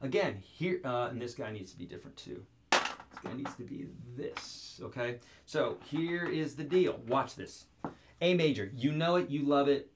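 A man's voice: mid-range voice, lively intonation, moderate pace, background noise. A man teaching guitar chords in an online video lesson, upbeat and joking as he talks straight to the viewer.

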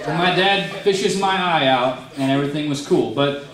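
A young man, a motivational youth speaker, talks at normal speed in a slightly high voice. Facing a youth group in a large room, he wanders through a self-mocking speech and takes questions from the crowd. Crowd noise, room echo, and a faraway mic mark the recording.

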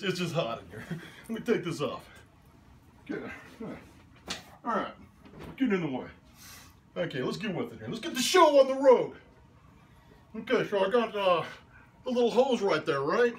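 Laid-back male painter with a fairly high voice, all slang and "babies", muttering quietly as he works in his studio. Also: slight background noise. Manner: mutters quietly while working. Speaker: abstract painter. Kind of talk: casual painting demonstration.

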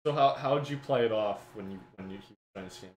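A man with a fairly low voice talks fast while hosting a casual podcast. He's an animated storyteller who laughs often and acts out the voices of people he quotes. The room sounds echoey, with a faint hiss.

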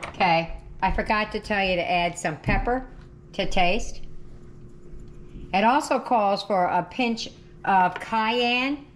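A woman's voice: mid-range voice, slow pace, slight background noise. Chatty woman cooking at home. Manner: chatty, self-correcting, talks while cooking. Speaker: cooking channel host. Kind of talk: casual cooking demo. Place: home kitchen. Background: frying and sizzling.

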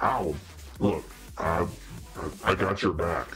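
Male streamer, very deep, lively swings, joking and mock-preachy, casual chat. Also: normal speed, soft background music. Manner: playful, joking, laughs often, mock-preachy. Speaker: costumed demon-character livestreamer.

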